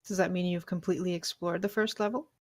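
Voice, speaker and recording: Game master, woman, lower voice, brief questioning manner, dry close mic. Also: steady tone, fast talker, darkish tone, no room sound. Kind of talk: in-character tabletop role-play.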